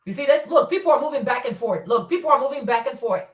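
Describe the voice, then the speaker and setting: A woman's voice: high-pitched, lively intonation, quick pace, echoey room, far from the mic. A woman streamer commenting on footage in a casual, insistent way, repeating herself as she points out details step by step.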